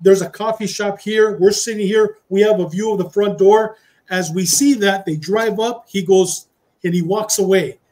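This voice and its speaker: A man's voice: high voice, moderate pace. A middle-aged man, a retired police officer, telling a story in a casual interview and acting out the dialogue with Spanish phrases. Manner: animated storyteller who acts out dialogue, slipping into Spanish phrases.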